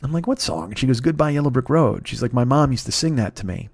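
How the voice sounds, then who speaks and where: A man's voice: mid-range voice, expressive, quick pace, darkish tone, no echo. Profane man telling a story. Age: 50s. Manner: profane, rambling, self-mocking, with many restarts. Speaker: comedy podcast host. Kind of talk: storytelling monologue.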